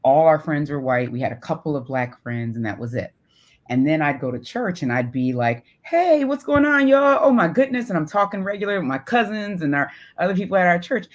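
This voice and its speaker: A woman with a low, deep voice talks through her story in a relaxed podcast chat. She laughs often and keeps checking in with "right?" as she goes. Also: brisk. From Syracuse, New York. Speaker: podcast co-host. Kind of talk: casual chat.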